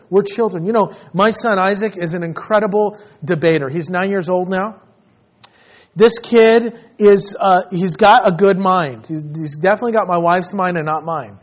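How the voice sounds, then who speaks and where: High-voiced preacher, conversational sermon. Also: male voice, moderate pace, muffled recording. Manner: conversational, anecdotal, with restarts. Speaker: pastor.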